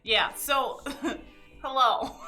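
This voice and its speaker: A woman's voice: high voice, very slow, bright, forceful tone. A woman co-hosting a live music stream, chatting casually and laughing through nearly every sentence. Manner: laughs constantly, giggly and rambling. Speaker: co-host of a music stream show. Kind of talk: casual giggly stream chat.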